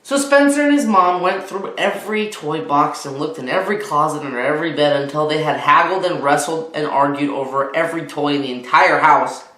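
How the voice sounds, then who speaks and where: A man's voice: a little high, pushed and bright. A man reading a picture book aloud to children, with chatty, teacherly asides. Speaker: children's story reader. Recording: roomy echo.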